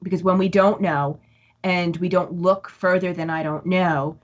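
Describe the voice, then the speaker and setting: A woman's voice: lowish voice, measured pace, highs cut off. A woman speaking as an interview guest, casually telling stories and acting out her own inner voice. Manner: animated storytelling, acts out her own inner voice. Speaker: guest, empath coach.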